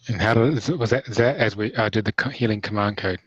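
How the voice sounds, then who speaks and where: A man hosting a healing webinar, gently guiding listeners through a meditation and then inviting them to share. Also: lowish voice, slightly rough, no echo. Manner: slow soothing guidance, asks participants to share. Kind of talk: guided meditation and group feedback. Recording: dull lo-fi webinar audio.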